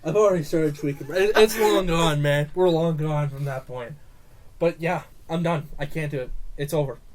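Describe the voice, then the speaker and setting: Man, movie podcast co-host, animated swearing rant, casual chat. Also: on the high side, normal speed, a crowd in the background.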